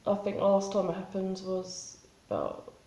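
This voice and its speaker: A woman talking in a spontaneous confessional vlog, halting and rambling with many restarts and fillers. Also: mid-range voice, sing-song, dark tone, roomy sound, rough recording. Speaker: vlogger.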